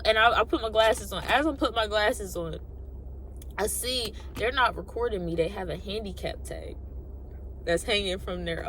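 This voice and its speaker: A young adult woman casually telling a personal story, animated and colloquial, acting out what people said. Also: fairly high pitch, slight background noise. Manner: animated, acts out quotes, colloquial. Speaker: vlogger.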